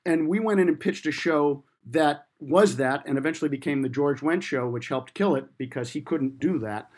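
A man's voice: a little high, normal speed. A man in his fifties telling career stories in a casual interview, rambling and self-deprecating with many restarts. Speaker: guest comedy writer.

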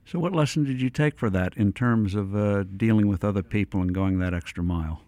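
A man's voice: fairly low pitch, a little fast, warm tone, no room sound. A man hosting an interview, cutting in with eager follow-up questions. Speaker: interviewer, host.

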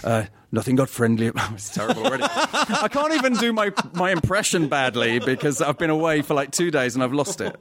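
A man telling lively anecdotes in casual chat as a guest actor, often laughing as he talks. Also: a little high, brisk, few pauses, a crowd in the background. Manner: animated, laughing storyteller.

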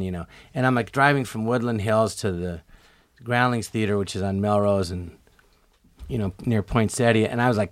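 A middle-aged man telling stories as a comedian guest in an interview, acting out quotes with sudden jumps in pitch. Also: no room sound. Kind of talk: storytelling interview.

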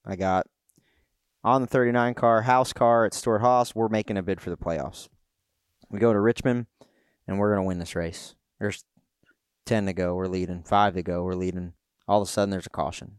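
A middle-aged man, co-host of a podcast, recounting a pit crew story in a relaxed, plainspoken way. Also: on the low side, clean tone, dry recording, clean studio sound. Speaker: podcast co-host, former tire changer. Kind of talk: casual storytelling chat.

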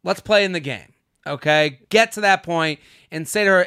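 A man with a high, bright voice hosts a casual podcast, animated, joking and cursing freely. His voice sits close and dry in the mic, with no room sound around it. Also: normal speed, clean tone, no echo. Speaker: podcast host.

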